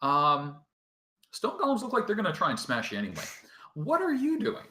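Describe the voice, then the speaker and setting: A man narrating a tabletop game as dungeon master, relaxed and quick to laugh. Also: on the high side, roomy sound, background noise.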